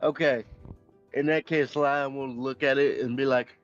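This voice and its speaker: A man's voice: medium pitch, steady tone, measured pace, highs cut off, soft background music. A man playing a tabletop game, speaking plainly and matter-of-factly. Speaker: player.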